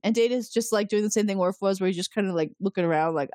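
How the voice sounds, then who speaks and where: A podcast co-host casually recaps a TV episode, acting out the characters' lines and laughing along in an animated retelling. Her voice is medium-pitched and fast with few pauses, recorded dry at studio quality.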